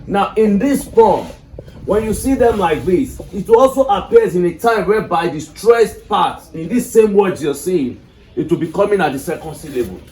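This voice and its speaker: A man's voice: high voice, lively intonation, moderate pace, a little mellow. Nigerian male teacher, quizzing class, recorded from afar with light hiss. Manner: questioning students, repeats "are you getting me". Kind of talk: classroom English lesson. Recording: echoey classroom from far off with noise.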